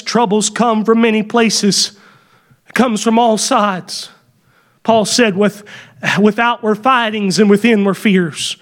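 A man preaching a sermon to a congregation, rising to fervent shouted emphasis and slowing down to dwell on scripture verses. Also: sits high, fairly even intonation. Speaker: pastor. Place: church service.

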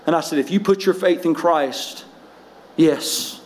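A male pastor preaching a sermon, swinging between impassioned shouted peaks and low, quiet storytelling. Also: a little slow, a little hiss or hum, poor audio. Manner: drops low and quiet for personal stories.

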